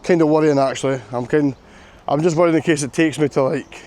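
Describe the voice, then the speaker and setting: Man, vlogger, worn out outdoors, fairly high pitch, chatty and self-mocking. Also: steady tone, fairly quick, darkish tone. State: tired and sore from long walk. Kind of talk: walking vlog to camera. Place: outdoors on a coastal path.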